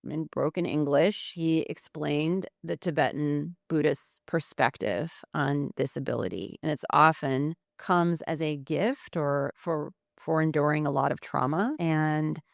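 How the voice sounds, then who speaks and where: A middle-aged woman guest on a podcast, telling a personal story with lively quoted dialogue. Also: deep voice, a little slow, gravelly, few pauses, no room sound, studio quality. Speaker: podcast guest, psychic and entrepreneur. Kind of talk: conversational storytelling.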